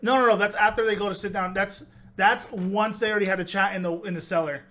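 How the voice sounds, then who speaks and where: A man co-hosting a podcast, excitedly retelling film scenes in casual chat and quoting the characters. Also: sits high, fast. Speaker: podcast co-host.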